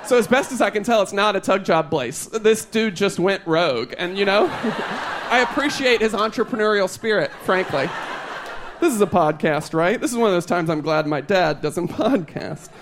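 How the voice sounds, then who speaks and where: A man's voice: sits high, lively intonation, normal speed, noisy background. A young adult man performing a stand-up comedy set on stage before a live audience, with chatty, rambling storytelling full of asides.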